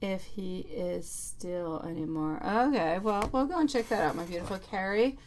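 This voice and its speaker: A woman's voice: mid-range voice, animated, normal speed, a little mellow, slight background noise. A woman giving a live tarot reading and answering viewers in chat, affectionate, calling them sweetie and lovely. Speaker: tarot reader.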